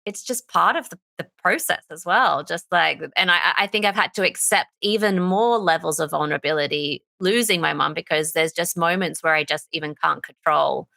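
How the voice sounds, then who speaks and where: Gravelly, bright-toned woman guest. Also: on the low side, moderate pace, few pauses, dry recording. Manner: earnest, open about grief, laughs through tears. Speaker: somatic therapist and coach, guest. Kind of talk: candid interview conversation.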